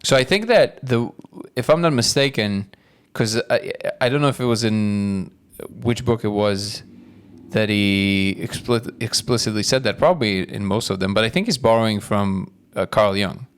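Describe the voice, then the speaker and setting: A man's voice: fairly low pitch, normal speed, smooth. A man, an actor appearing as a podcast guest, thoughtfully analyzing an idea and paraphrasing it back in a conversational way. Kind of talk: casual conversation.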